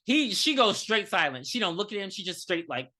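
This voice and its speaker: A woman co-hosting a podcast, recapping a film in an animated, profane, storytelling way. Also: medium pitch, a little fast. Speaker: podcast co-host. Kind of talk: casual movie review chat.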